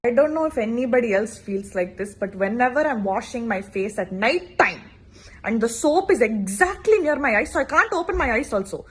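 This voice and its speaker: A young woman doing comic monologue sketches, sarcastic and animated, jumping into acted quotes. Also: a little high, normal speed. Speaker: comedy sketch creator.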